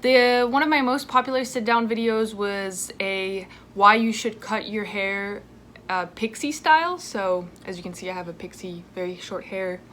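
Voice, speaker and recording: A woman in her twenties from France, talking casually in a sit-down vlog at home, chatty and lively with asides. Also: mid-range voice, moderate pace. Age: 20s. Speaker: vlogger. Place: home indoors. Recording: faint dishwasher noise at home. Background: dishwasher noise.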